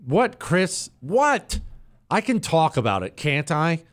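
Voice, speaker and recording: Man, talk show host, sarcastic, animated, swinging pitch, dry close sound. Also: slow pace, no room sound. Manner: sarcastic, animated, addresses producer on air. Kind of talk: opinionated radio-style commentary.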